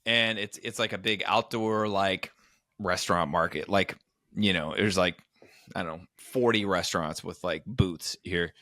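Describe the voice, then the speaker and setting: A man co-hosting a podcast, telling an animated story in a casual chat. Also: unhurried, no echo, clean studio sound. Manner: animated storyteller, acts out quoted people in higher voices. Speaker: podcast co-host, comedian.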